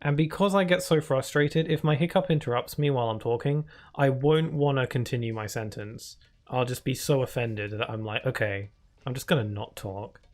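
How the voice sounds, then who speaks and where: A man's voice: mid-range voice, normal speed, darkish tone. A man chatting casually while live-streaming a game, rambling on with many fillers at a desk microphone.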